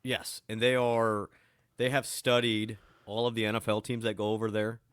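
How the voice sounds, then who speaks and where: A man co-hosting a sports podcast in casual chat, upbeat and teasing, with quick asides. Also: fairly low pitch, flat delivery, a bit bright, smooth, no echo, clean studio sound. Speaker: podcast co-host, team beat reporter.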